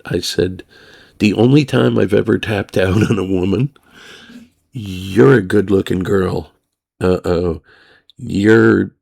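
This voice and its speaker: Slow, gravelly man telling a story. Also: low voice, darkish tone. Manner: rambling, blunt, acts out both sides of the story. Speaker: podcast host. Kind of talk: crude storytelling monologue.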